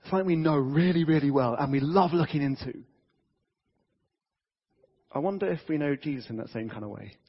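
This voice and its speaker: Energetic preacher in a church hall. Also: male voice, a little high, breathy edge. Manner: energetic, conversational, frequent restarts. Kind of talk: lively sermon. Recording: dull reverberant church audio.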